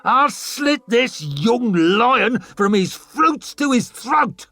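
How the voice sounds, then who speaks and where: A man's voice: very high voice, animated, very slow, dry recording, pitched above the performer's own voice, exaggerated voice. A man voicing a bloodthirsty young male warrior chieftain who snarls and screams for battle. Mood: battle rage. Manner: shouting, snarling.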